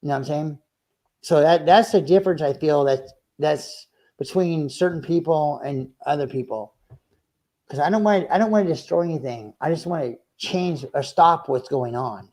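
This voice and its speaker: A man's voice: fairly high pitch, moderate pace, a little mellow. A man in his forties chatting as a guest on a video call, tipsy and rambling, swearing often. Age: 40s. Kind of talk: casual chat.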